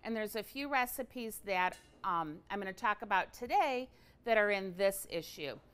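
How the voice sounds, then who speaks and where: A woman's voice: mid-range voice, lively intonation, normal speed, fairly bright tone, clean tone. A woman hosting a casual livestream product demo from an indoor craft studio, chatty and enthusiastic, with frequent fillers.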